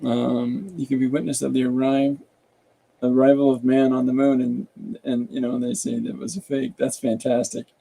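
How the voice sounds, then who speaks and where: A man hosting an art podcast, thinking aloud in a relaxed, rambling way while he draws and reads viewer comments. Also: medium pitch, moderate pace, gravelly, husky, rough recording. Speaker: artist and podcast host. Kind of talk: casual livestream chat while drawing.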